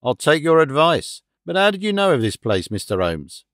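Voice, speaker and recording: A man's voice: a little high, big pitch swings, normal speed, fairly bright tone, dry recording, studio quality. A man voicing a blunt, proud police inspector in an audiobook reading.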